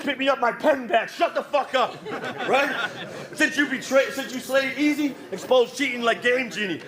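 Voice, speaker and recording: A man with a Nova Scotian accent spits battle rap with a strikingly high, strained pitch. He taunts crudely and shouts his punchlines. A loud crowd surrounds him at a live event. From Nova Scotia, Canada. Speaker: battle rapper. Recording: live crowd noise around.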